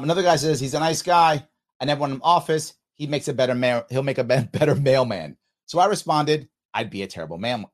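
A man in his fifties, a podcast host, talking casually and reading out listener comments with emphatic, animated delivery. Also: on the high side. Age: 50s. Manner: animated, emphatic, quotes others in exaggerated voices.

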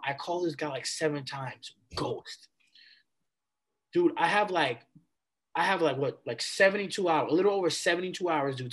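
A man in his twenties, a podcast guest, telling a story in a casual, animated way and replaying conversations with casual slang. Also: a little high. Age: 20s.

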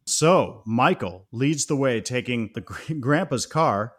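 A man co-hosting a film podcast, summarizing scenes in a relaxed, conversational way with occasional fillers. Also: medium pitch, takes it slowly, breathy edge. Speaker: podcast co-host. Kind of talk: casual film discussion.

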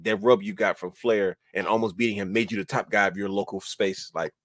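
A man hosting a casual wrestling podcast, talking in animated, rambling runs and laughing often. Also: lowish voice, fairly quick, dry recording, studio quality. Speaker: podcast host.

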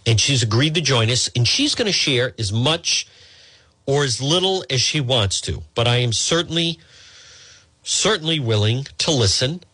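Guy hosting a call-in show, earnest and a bit halting, bright voice, kinda husky, dry sound. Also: medium pitch, animated, no echo. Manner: earnest, gently hesitant, repeats and corrects himself. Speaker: host. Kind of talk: talk show with caller.

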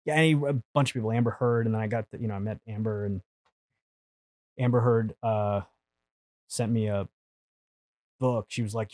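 A man telling stories as a podcast guest, animated and profane, acting out the people he quotes. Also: fairly low pitch, normal speed, long pauses, no echo. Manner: animated, swears freely, acts out quotes. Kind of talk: casual storytelling.

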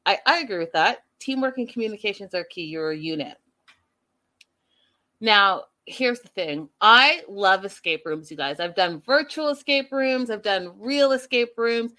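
A woman hosting a casual live show, recapping a reality series and reading out viewer comments in a chatty, expressive way. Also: medium pitch, normal speed.

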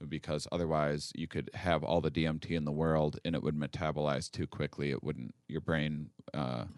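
A man's voice: extremely low pitch, level tone, normal speed, dry recording, clean studio sound. A man hosting a podcast, chatting casually in a rambling way with many restarts. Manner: rambling, restarts often, laughs a lot. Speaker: podcast host. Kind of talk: casual chat.

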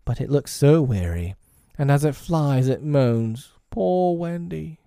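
A man's voice: mid-range voice, animated, a little slow, dark tone, no echo, studio quality, voice pushed up, lightly acted. A man voicing a breathless, frightened young boy in a storybook reading, crying out and awestruck.

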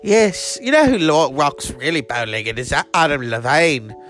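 A man's voice: a little high, expressive, a little slow, a bit bright, soft background music. A man voicing a snooty British man with a British accent, haughty and mocking.

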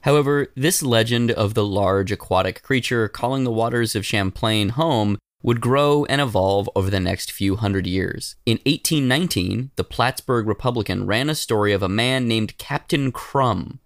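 Casting: a male podcast host with a low voice, reading history notes in a casual way and joking with his co-host; dry, close sound. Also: moderate pace, hardly any pauses, no echo. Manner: reads history notes, then breaks into jokey banter.

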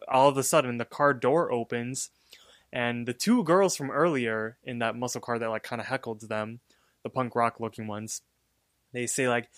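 A man's voice: mid-range voice, moderate pace, dry recording. Dry-voiced podcast guy recapping casually. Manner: relaxed, filler-heavy storytelling. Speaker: podcast co-host.

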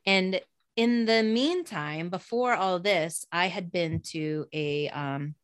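A woman hosting a podcast interview, chatty and expressive, sharing her own stories with frequent laughs. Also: on the low side, slow pace, no echo. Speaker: podcast host. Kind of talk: casual interview chat.

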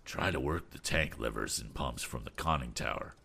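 A man voicing a terse, understated weathered old sea captain, low and quiet, in a storybook reading. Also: normal speed, gravelly, slight background noise, full character voice. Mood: matter-of-fact.

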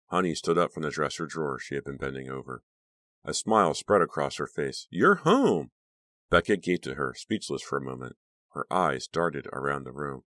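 Audiobook narrator, man, very low voice, suspenseful read, dry booth sound. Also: a bit bright, no room sound. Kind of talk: scripted narration.

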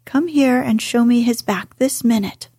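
A woman's voice: on the high side, measured pace, warm tone, husky, no room sound. A woman voicing a fierce, bossy little girl scolding a sick boy, in whispered role-play. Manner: commanding, stamping, scornful.

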